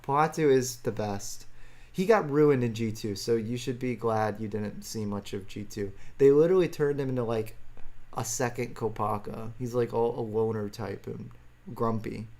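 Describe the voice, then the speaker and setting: A man's voice: mid-range voice, moderate pace, a little mellow. A man streaming live, answering viewer chat in a rambling, self-deprecating way and chuckling often.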